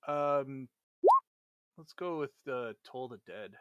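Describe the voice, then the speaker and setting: A man taking his turn as a player in a tabletop game, unhurried and hesitant. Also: mid-range voice, expressive, lo-fi sound, a little hiss or hum.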